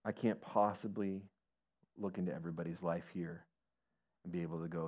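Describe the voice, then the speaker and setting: A man's voice: steady tone, brisk, darkish tone, muffled recording. A man preaching a sermon and telling a story, building his voice up with feeling and then dropping to near-whispers. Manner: emotional, builds to a raised pitch then drops to near-whispers. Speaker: pastor.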